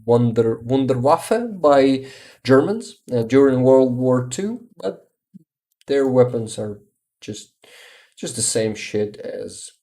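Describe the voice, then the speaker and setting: A man with a Ukrainian accent chatting casually on a livestream, exhausted and halting, often restarting words. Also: mid-range voice, sing-song, warm tone. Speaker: livestream host.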